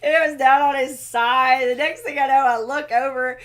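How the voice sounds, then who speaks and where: A woman's voice: high voice, fairly even intonation, moderate pace, fairly bright tone. A woman co-hosting a casual livestream, teasing and laughing as she chimes in. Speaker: homestead livestream co-host. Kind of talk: casual chat.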